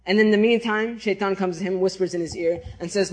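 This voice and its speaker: A man preaching, telling a story in an animated, conversational way and checking in with his listeners. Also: sits high, brisk, hardly any pauses. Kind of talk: sermon storytelling.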